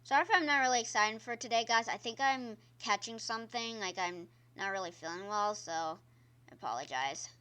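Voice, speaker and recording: A woman's voice: medium pitch, normal speed, bright, forceful tone. A woman streamer giving casual gameplay commentary, chatty and exclaiming at the game while talking to her viewers. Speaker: gaming streamer. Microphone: own microphone.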